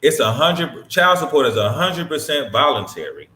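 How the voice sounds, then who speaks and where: A man's voice: medium pitch, very animated, moderate pace, pushed and bright, echoey room. A man hosting and commenting on a clip in a blunt, emphatic, profane way. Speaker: host reacting to a clip. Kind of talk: casual commentary.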